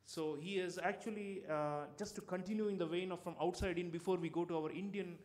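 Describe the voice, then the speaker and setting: A man's voice: high voice, steady tone, brisk, a little mellow. A man moderating a conference panel, introducing the next speaker with frequent hesitations. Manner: hesitant, many ums and uhs.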